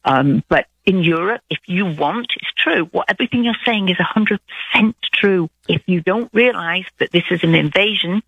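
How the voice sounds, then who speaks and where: A British woman calling in to a radio talk show. She speaks earnestly, in halting bursts with restarts. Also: on the low side, slightly rough, dry recording. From Britain. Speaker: caller. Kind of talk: call-in radio chat. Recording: muffled phone line.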